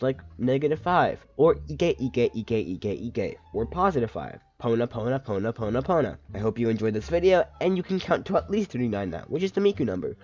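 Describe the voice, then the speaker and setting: A man's voice: mid-range voice, a little mellow. A man narrating a casual explainer video with playful, jokey asides. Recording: dull lo-fi sound with faint music.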